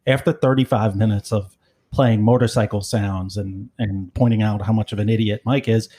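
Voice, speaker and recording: A man's voice: on the low side, steady tone, normal speed, warm tone, husky. A man co-hosting a podcast, talking casually with lots of fillers and wry asides. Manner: rambling, many fillers, wry. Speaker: podcast co-host. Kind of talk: casual chat.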